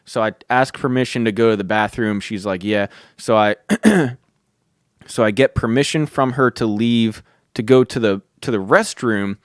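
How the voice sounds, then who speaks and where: A man's voice: on the low side, normal speed, dry recording, clean studio sound. Laid-back young man rambling with "dude". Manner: rambling, swears often, says "dude" and "like" constantly. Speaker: podcast host. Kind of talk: casual storytelling monologue. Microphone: close studio mic.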